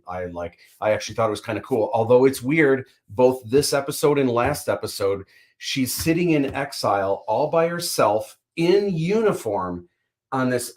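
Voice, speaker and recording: A man hosting a relaxed livestream chat, talking at a middling pitch. He rambles through animated opinions, full of fillers and restarts. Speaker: livestream host. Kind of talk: casual chat.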